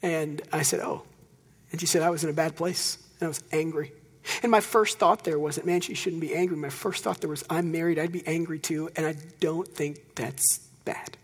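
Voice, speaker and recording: A man preaching a sermon in a relaxed, conversational storytelling way, with dry self-deprecating humor. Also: fairly high pitch, normal speed, long reverb tail. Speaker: pastor.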